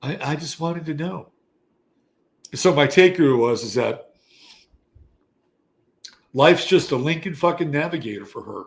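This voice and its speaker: A man in his sixties, an astrology show host, telling a casual story in an animated, profane, conversational way. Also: a little high, measured pace, vocal fry, pauses often. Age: 60s. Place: Texas.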